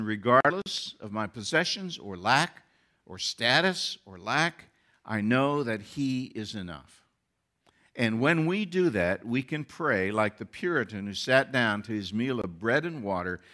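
A man's voice: medium pitch, pushed and bright. A man who is a pastor, preaching a sermon with earnest rising emphasis.

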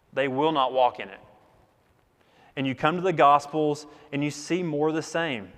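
A man's voice: a little high, a bit bright, long reverb tail. A man preaching a sermon in an earnest, emphatic way, repeating key phrases for weight. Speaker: pastor.

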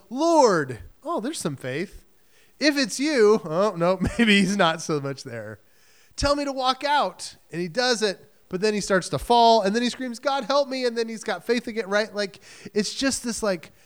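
A man preaching a sermon in a conversational, animated way, acting out the story in quick quoted voices. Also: high voice, clear, resonant tone. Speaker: pastor.

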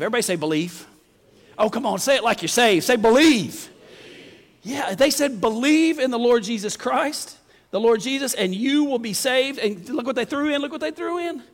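Man, pastor, folksy animated sermon, high-pitched, long hall reverb. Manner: folksy, animated, addresses congregation directly.

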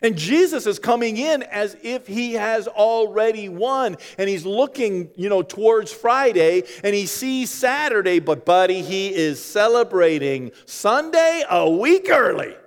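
A man's voice: high-pitched, animated, a little slow, few pauses, long reverb tail. A man preaching a sermon in a conversational way, with joking asides to the congregation. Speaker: pastor.

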